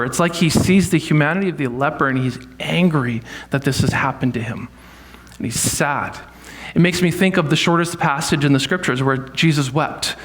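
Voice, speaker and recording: Man preaching a lively sermon. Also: fairly high pitch. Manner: conversational, animated teaching with acted quotes. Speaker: pastor. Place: church sanctuary.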